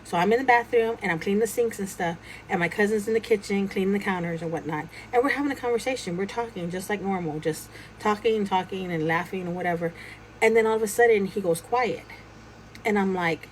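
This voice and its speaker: Woman, mid-pitched, telling a spooky personal story casually, faint room hum behind. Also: a little fast, low-quality recording. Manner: animated retelling, acting out quoted dialogue. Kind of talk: casual spoken ghost story.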